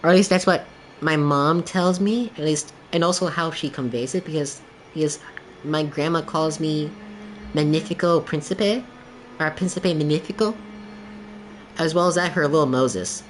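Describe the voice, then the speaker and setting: A man's voice: a little high, moderate pace, slight background noise. Rambling young man streaming a game. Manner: rambling and candid, heavy on filler "like". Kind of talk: casual chat while gaming.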